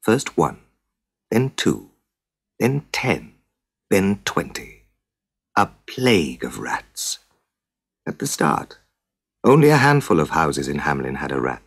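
A man narrating a classic children's story with dramatic, deliberate storytelling. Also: a bass voice, sing-song, slightly rough.

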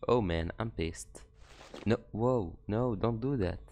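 Brief: very deep, drowsy male let's player, profane and jokey, game music under him. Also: slow pace, dark tone. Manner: swearing, joking, reading dialogue aloud. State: sleepy. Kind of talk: horror game commentary with read-out dialogue.

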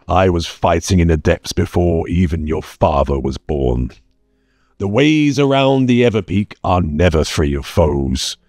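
A gruff, battle-hardened dwarf slayer, as a male audiobook reader puts him on, blunt and commanding. The voice sits deep and dark, with slow, deliberate delivery. It is dry and close, with faint music underneath. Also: no room sound, full character voice.

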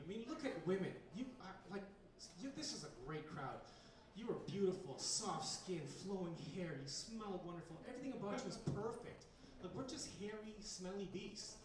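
A man performing a stand-up comedy set at a bar's comedy night, talking in a rambling, hesitant way with lots of fillers. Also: high-pitched. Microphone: handheld recorder in the audience. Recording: echoey bar room from far off.

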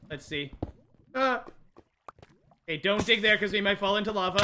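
A young man streaming a game live, jumpy and excitable, talking straight to his chat. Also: sits high, moderate pace, slight background noise. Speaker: gaming livestreamer. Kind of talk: live let's-play commentary.

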